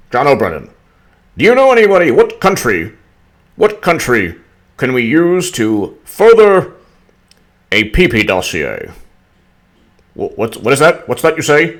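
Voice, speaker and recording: A man putting on a mocking impression of a scheming older spy chief who barks orders into a phone in a louder, pushier voice. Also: lowish voice.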